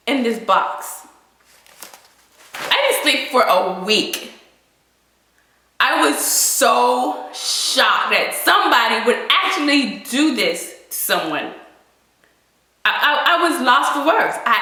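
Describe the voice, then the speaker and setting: A bright, high-pitched woman tells a story from her own life, her voice swooping up and down as she laughs and acts out her own panic. The sound is very echoey, as if she is in a bare room. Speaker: vlogger telling a personal story. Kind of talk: animated storytime vlog.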